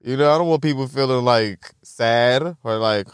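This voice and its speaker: A man's voice: mid-range voice, moderate pace, clean tone, dry recording, studio quality. A young man hosting a solo podcast, telling stories in a loose, profane, rambling way and laughing often. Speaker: podcast host. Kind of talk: casual solo podcast storytelling.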